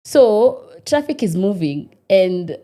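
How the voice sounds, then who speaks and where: A Kenyan woman tells her story as an interview guest, with a mellow, warm tone at a middling pitch. She is lively and expressive and laughs often as she goes. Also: takes it slowly. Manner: animated, laughs often while telling stories. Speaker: restaurant owner, guest.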